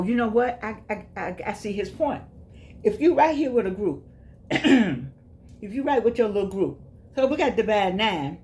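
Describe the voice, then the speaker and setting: A woman's voice: medium pitch, darkish tone. A woman in her eighties giving a casual spoken reflection, folksy and emphatic, often repeating herself. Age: 80s. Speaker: vlogger.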